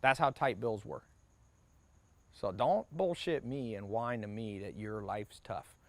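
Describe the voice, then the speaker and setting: Pitched fairly low and captured in a dry recording, a brash business mentor gives a profane motivational workshop talk. His sentences are short and punchy, and he briefly acts out the people he quotes.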